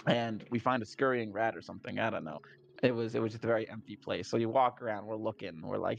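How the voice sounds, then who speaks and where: A man's voice: fairly low pitch, a little fast, vocal fry. A man casually recapping a tabletop game session, swearing freely, laughing, and acting out his friends' lines. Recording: dull lo-fi sound.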